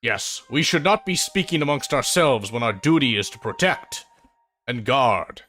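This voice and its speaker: A man's voice: medium pitch, animated, normal speed, pushed and bright. A man voicing a pair of stiff, pompous male stone golem guardians. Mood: haughty. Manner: stiff, formal.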